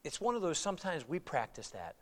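Preacher man, high voice, very animated, acts out his quotes. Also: brisk. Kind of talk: sermon.

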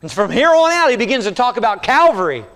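A high-pitched male pastor preaching a sermon, dropping low and soft before climbing into emphatic bursts. His voice rings out with the long reverb of a large church sanctuary. The delivery is that of a practiced preacher teaching a congregation. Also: big pitch swings, fast. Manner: preaching with swings from quiet to emphatic.

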